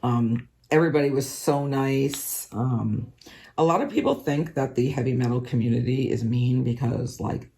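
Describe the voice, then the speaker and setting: Hoarse woman chatting casually. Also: very deep voice, moderate pace, mellow. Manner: rambling, lots of ums and likes. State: hoarse, scratchy throat. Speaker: craft vlogger. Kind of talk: casual chat.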